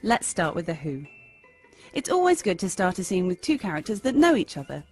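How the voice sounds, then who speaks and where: A woman's voice: lowish voice, a little fast, soft background music. A woman giving a playful, scripted lesson on improv comedy. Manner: playful, lively, jumps into character voices. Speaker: improv teacher. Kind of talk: scripted instructional narration.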